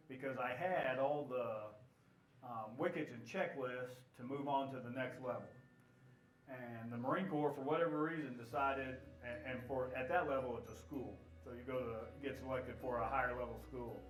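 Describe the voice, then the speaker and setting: A middle-aged man, a retired Marine, sharing a personal testimony in an earnest, reflective way with halting pauses. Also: mid-range voice, fairly even intonation, distant mic. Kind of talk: personal testimony in a church video. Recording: roomy and a bit off-mic, with soft music.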